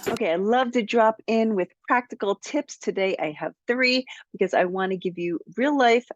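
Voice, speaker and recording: A woman's voice: on the high side, moderate pace, highs cut off, loud music behind the voice. A woman who coaches public speaking, giving an upbeat, direct tutorial to camera.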